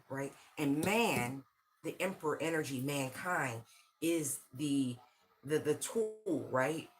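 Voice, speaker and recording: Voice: mid-range voice, a little hiss or hum. An intense, slangy tarot reader giving a livestream reading and talking straight to viewers. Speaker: tarot and channeled-message reader.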